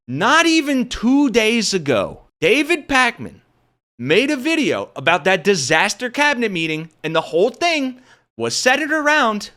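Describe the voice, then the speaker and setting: 30s guy ranting about politics to his viewers, lots of swearing, lively and bright, kinda high voice. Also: moderate pace. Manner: animated, profane, talks straight to viewers. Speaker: political commentary host. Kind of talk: casual political commentary.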